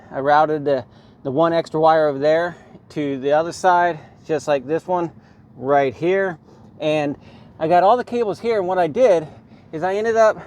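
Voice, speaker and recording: A man with a slightly higher voice, chatting his way through a how-to vlog from inside his car. He rambles along easily, dropping plenty of "um"s and pointing things out "right here" as he goes. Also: lo-fi sound. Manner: rambling, relaxed, lots of ums and "right here". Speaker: car vlogger.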